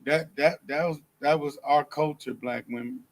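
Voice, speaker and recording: A man's voice: fairly high pitch, steady tone, moderate pace, gravelly, low-quality recording. A man chiming in beside a preacher, mostly with short affirmations.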